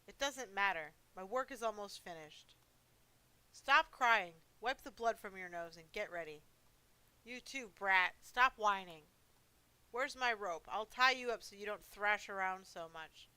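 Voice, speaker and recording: A woman's voice: mid-range voice, unhurried, sharp tone, clean tone, dry recording, low-quality recording. A woman voicing an unhinged male writer who has turned violent against his family, speaking in harsh, contemptuous threats. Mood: menacing.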